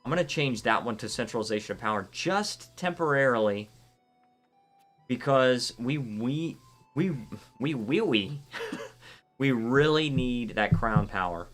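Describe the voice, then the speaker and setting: A man's voice: mid-range voice, animated, measured pace, fairly bright tone, faint music behind. A man from Florida, chatting casually and rambling through a live game stream while he answers viewer chat. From Florida, United States.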